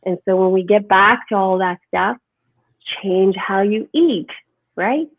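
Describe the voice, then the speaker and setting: A woman speaking as a holistic health guest in an animated, emphatic conversational interview, often asking "right?". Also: medium pitch, measured pace, no room sound. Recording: tinny phone-like line, dry.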